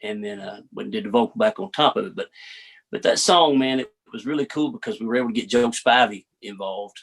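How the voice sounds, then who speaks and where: Man, Southern US accent, easygoing drawl, country singer guest, relaxed interview talk. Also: on the low side, quick pace, vocal fry. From United States. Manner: laid-back drawl, says "man" a lot. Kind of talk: casual interview chat.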